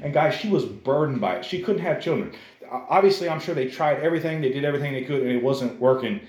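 A man preaching a sermon to a congregation in a conversational, animated way, often calling the listeners "guys". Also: mid-range voice, fast talker, reverberant. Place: church service.

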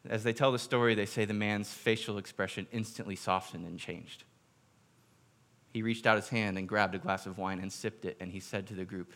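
A man, a pastor giving a sermon, retelling a story in a storytelling manner, going quiet for quoted lines and slowing down for emphasis. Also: on the low side, steady tone. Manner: drops quiet for quoted speech, slows for emphasis.

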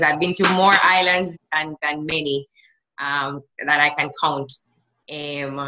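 Jamaican woman, 30s, low bright voice, reflective guest. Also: rough recording. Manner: reflective, with many restarts. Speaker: interview guest. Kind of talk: conversational interview.

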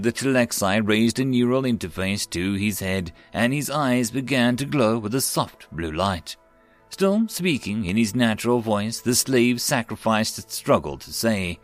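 A man reading science fiction stories aloud as host of a story channel, deliberate and even. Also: lowish voice. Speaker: story narrator. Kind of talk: scripted narration.

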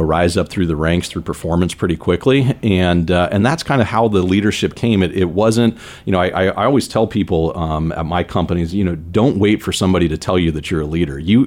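Deep-voiced man telling stories earnestly. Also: darkish tone. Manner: earnest, rambling with many "you know" fillers. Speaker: business leader guest. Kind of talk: conversational interview storytelling.

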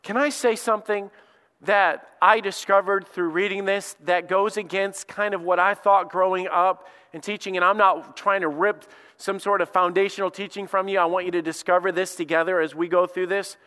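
A man's voice: high-pitched, fairly even intonation, normal speed, sharp tone, clear, resonant tone, in a large hall. A middle-aged man, a pastor, preaching a sermon in an emphatic, conversational way, often repeating his phrases.

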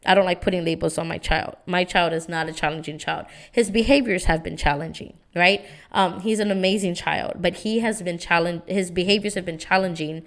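A woman's voice: fairly low pitch, fairly even intonation, brisk, hardly any pauses. A young woman hosting a podcast, talking earnestly and casually about parenting and often adding "right?" to her points. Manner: earnest, keeps asking "right?". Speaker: podcast host. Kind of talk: casual motivational talk.

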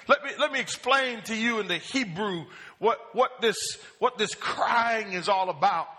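Man preaching, very high voice, unhurried delivery, call-and-response questions, church sanctuary. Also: sharp tone, big-room sound. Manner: asks the congregation questions and calls for answers. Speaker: pastor.

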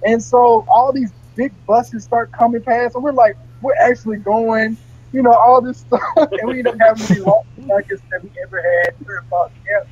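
A young man and former college football player, telling stories as an interview guest in a relaxed way, often laughing and repeating words. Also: very high-pitched, normal speed, slightly rough, lo-fi sound. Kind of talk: casual interview.

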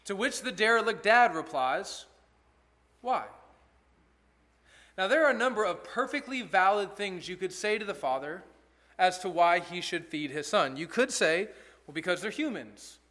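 A man's voice: sits high, expressive, moderate pace, long pauses, bright, forceful tone. A male pastor giving an expository sermon in an earnest, conversational way, asking rhetorical questions.

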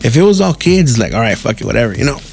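A man's voice: medium pitch, sing-song, quick pace, gravelly, darkish tone, soft background music. A man telling a rambling personal story in a casual, slang-heavy, profane way. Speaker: podcast host.

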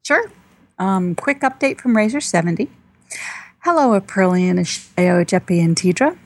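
A woman co-hosting a gaming podcast, reading a listener's email aloud at a steady, even pace. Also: medium pitch, moderate pace. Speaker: podcast co-host.

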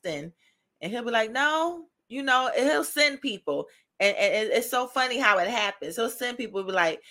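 Bright-voiced chatty woman podcast host. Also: on the high side, lively intonation, normal speed. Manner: chatty, encouraging, laughs often, keeps asking "right?". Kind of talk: casual devotional talk.

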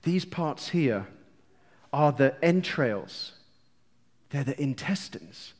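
An English man preaching a sermon with passion, moving between hushed lines and loud outbursts, with playful asides to the congregation. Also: medium pitch, animated, takes it slowly, big-room sound. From England.

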